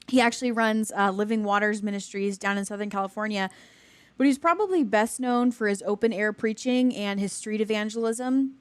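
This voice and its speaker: A woman's voice: mid-range voice, no echo. Earnest young woman podcast co-host. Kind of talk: casual faith discussion.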